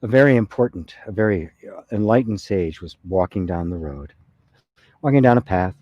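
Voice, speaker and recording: A man's voice: low-pitched, animated, normal speed, dry recording, highs cut off. A man giving a conversational satsang talk as spiritual teacher, often checking with "right?". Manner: conversational, with frequent "right?" and soft laughs.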